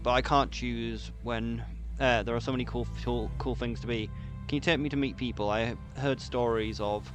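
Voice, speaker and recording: A man's voice: mid-range voice, fairly even intonation, moderate pace, music in the background, lightly acted. A man reading aloud the lines of an eager young orphan boy in a game, stumbling over fillers. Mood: excited. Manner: reads the quest text aloud, fumbling with fillers.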